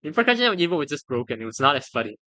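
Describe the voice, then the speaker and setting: A streamer reacting on a live stream in a casual, excitable way, laughing often, swearing freely and stammering through restarts. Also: medium pitch, very fast, no echo. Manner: stammers and restarts when flustered.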